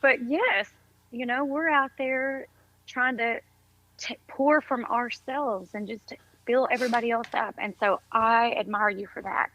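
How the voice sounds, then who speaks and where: A woman's voice: a little high, steady tone, unhurried, fairly bright tone, poor audio. A woman speaking as a podcast guest in casual conversation, upbeat, encouraging and effusive.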